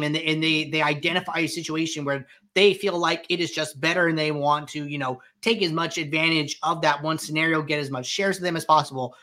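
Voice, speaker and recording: A man hosting a live question-and-answer show, explaining software settings in a conversational way with frequent fillers. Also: fairly high pitch. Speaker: host answering viewer questions. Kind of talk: live Q&A tutorial, walking through software.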